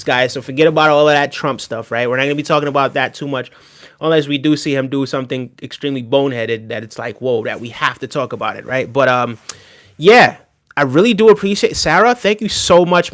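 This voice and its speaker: A man's voice: medium pitch, a little fast, fairly bright tone. A man hosting a live stream, chatting casually with viewers, reading their comments and ranting heatedly with lots of fillers. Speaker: livestream host.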